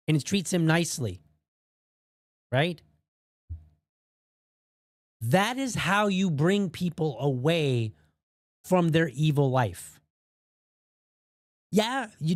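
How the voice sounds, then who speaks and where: A man's voice: fairly high pitch, no room sound, clean studio sound. Blunt, heated male podcast host. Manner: blunt, heated, swears freely. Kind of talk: opinion podcast commentary.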